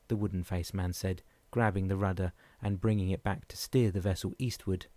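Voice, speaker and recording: Male audiobook narrator, low and even, dry booth sound. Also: a little fast, hardly any pauses, dry recording. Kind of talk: scripted narration.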